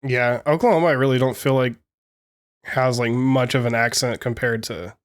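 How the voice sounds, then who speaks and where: A man's voice: mid-range voice, steady tone, moderate pace. A man rambling casually on a podcast, swearing often and packing his talk with fillers. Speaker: podcast co-host.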